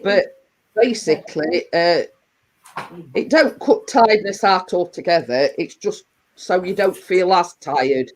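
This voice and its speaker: A woman's voice: lowish voice, a little slow, low-quality recording. A woman hosting a casual livestream, chatting to her viewers in a rambling way with lots of restarts and fillers. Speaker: livestream host. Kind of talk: casual live chat to viewers.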